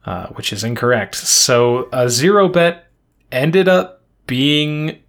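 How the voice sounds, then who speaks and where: A man's voice: medium pitch, slow. Man recapping quiz show scores. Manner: relaxed, recaps scores and clues in detail. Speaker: podcast co-host. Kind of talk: casual game-show recap chat.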